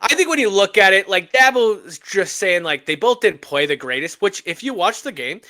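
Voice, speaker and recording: A man talks sports on a podcast in a high, bright voice that jumps up and down a lot. His delivery is emphatic and animated, with punchy asides. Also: normal speed. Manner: animated, emphatic rants with laughs. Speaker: podcast co-host. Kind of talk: casual sports chat.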